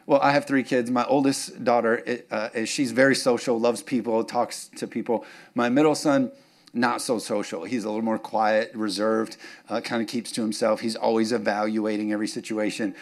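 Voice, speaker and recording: A man's voice: medium pitch, little pitch movement, normal speed. A man, preaching a sermon as pastor, joking and chatty, then rising to fervent urging.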